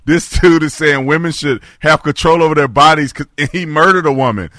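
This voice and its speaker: A man hosting a political talk show, animated and laughing often as he talks with a guest. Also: on the high side, brisk, no echo, studio quality. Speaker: host.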